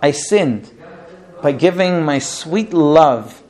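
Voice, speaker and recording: A man teaching a text-study class, who reads verses aloud, then translates and explains them with animated asides. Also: fairly high pitch, slow. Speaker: Torah teacher.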